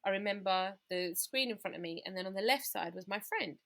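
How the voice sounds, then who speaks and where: A woman's voice: mid-range voice, a little fast, vocal fry, a bit bright. A woman, telling her personal story as a guest in an interview, candid and full of quoted dialogue.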